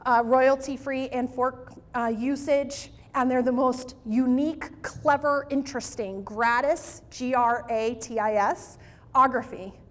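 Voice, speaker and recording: Female keynote presenter, high and unhurried, animated and pleading, long hall reverb. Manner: animated, emphatic, pleading asides. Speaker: keynote speaker. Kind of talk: live marketing keynote talk.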